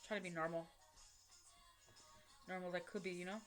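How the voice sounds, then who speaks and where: A woman's voice: on the low side, fairly even intonation, brisk, faint music behind. A woman telling a personal story to camera, blunt and profane, in street slang with lots of fillers. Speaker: vlogger.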